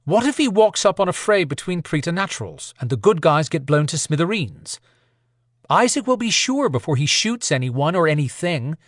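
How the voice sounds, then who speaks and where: Man narrating as a tough woman fighter, impatient, blunt, slightly higher voice, dry recording. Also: big pitch swings, normal speed, dry recording. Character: determined woman supernatural warrior. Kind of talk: audiobook character voice.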